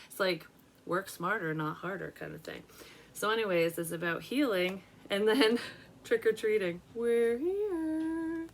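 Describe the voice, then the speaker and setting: A young woman, a psychic medium, chatting casually and emotionally about a card reading in a rambling way. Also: sits low.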